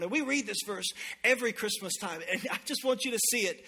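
A man's voice: high-pitched, lively intonation, brisk, hardly any pauses, bright, forceful tone, breathy edge. A man preaching a sermon to a church congregation, urgent and impassioned. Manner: impassioned preaching, acting out God's voice in quotes. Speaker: pastor.

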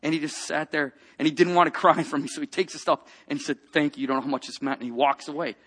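A man preaching a personal testimony, telling a story with lively acted-out quotes and dropping to a hush for tender moments. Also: fairly high pitch, fast, slightly rough. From grew up in a rough biker family.

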